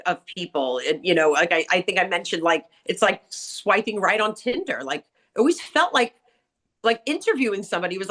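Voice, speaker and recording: A middle-aged woman from New York, a salon owner telling stories in casual chat, full of fillers and acted-out quotes. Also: medium pitch. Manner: animated, acts out quotes, many "like" and "you know" fillers. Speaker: salon owner and author, podcast guest.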